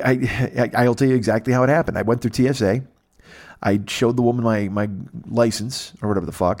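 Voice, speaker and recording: Guy with a gravelly voice, talks fast, swears a lot and rambles off on tangents. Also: mid-range voice. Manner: profane, tangential storytelling. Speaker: podcast host. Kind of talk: rambling comic monologue. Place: temporary setup away from home.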